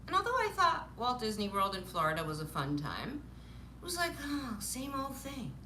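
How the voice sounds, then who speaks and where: A woman in her fifties telling stories from her childhood on a live stream, animated, laughing often and acting out what people said. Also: mid-range voice, a little fast, a little hiss or hum. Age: 50s. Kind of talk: casual storytelling on a live stream. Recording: roomy echo.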